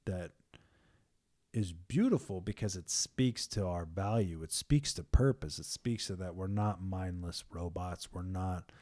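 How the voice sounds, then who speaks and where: A man with a fairly low voice talks through faith in loose, casual podcast chat. He is animated and peppered with "man" and "like", and now and then drops into a hushed, intense tone. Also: unhurried. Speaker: podcast host.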